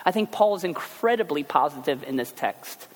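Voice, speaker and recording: A man preaching a sermon as pastor, telling everyday stories in a chatty, animated way. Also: a little high, moderate pace. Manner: conversational storytelling, animated asides. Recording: long hall reverb.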